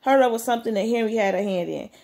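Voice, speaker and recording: A woman's voice: a little high, fast talker, vocal fry, darkish tone. A woman reading a story aloud, breaking off for blunt, slangy comments of her own. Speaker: story reader.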